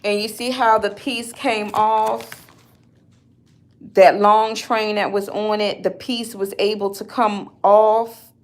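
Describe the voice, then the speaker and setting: A woman's voice: medium pitch, level tone, takes it slowly. A woman talking in an upset, rambling vlog, often stopping and restarting her sentences. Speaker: vlogger. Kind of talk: emotional personal vlog.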